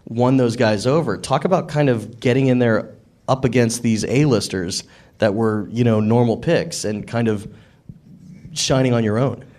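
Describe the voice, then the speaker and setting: A man's voice: mid-range voice, normal speed, darkish tone. A man with a mid-range voice hosting a screenwriting Q&A. He asks long, winding questions padded with fillers. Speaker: interviewer host. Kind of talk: Q&A interviewing.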